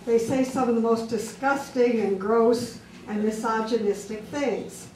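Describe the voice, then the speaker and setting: A woman stand-up comic works through a string of jokes at an unhurried, drawn-out pace, with a fairly high voice. She pauses on fillers between lines. The sound is roomy and distant, taken from out in the club, with clear noise around her. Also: mellow. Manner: deliberate, drawn-out joke delivery with filler pauses. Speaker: stand-up comedian. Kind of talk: stand-up joke telling. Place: comedy club stage.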